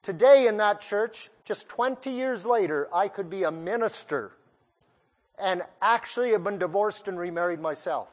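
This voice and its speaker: Male preacher, high-pitched, sermon, emphatic, asks the listeners questions. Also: lively intonation, moderate pace.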